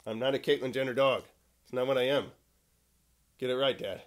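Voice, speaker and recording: A man voicing his female pet dog as a sassy, smart-mouthed character in a gruff, deep male voice. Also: fairly even intonation, brisk, lightly acted. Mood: indignant. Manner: indignant back-talk.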